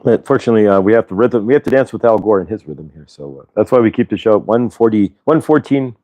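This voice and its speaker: A man's voice: lowish voice, expressive, quick pace, mellow. A man hosting a casual spiritual livestream, talking in an upbeat, rambling way and reading viewer comments aloud. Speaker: livestream host.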